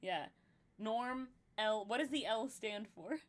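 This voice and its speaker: A woman's voice: a little high, takes it slowly. A woman co-hosting a casual brainstorming chat, rambling with lots of "like" and breaking into giggles. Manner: giggly, rambling, heavy "like" filler. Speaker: podcast co-host.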